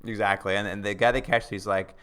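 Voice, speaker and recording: A man's voice: lowish voice, fairly even intonation, a little fast, fairly bright tone, clean tone. A man co-hosting a podcast in casual chat, recapping plot and acting out quoted lines with laughter. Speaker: podcast co-host.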